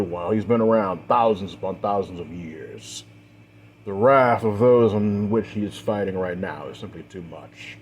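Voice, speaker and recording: A man with a low voice narrates a dark fantasy story, swelling in force on the action beats. He strings events together with repeated linking phrases, and a faint hum sits under the recording. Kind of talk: dramatic fiction narration.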